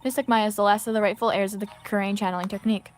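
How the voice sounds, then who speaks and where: A woman's voice: mid-range voice, fairly even intonation, racing, lightly acted. A woman voicing a stern, formal middle-aged female spirit medium who speaks stiffly and politely. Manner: stiff, formal, addresses others as good sir.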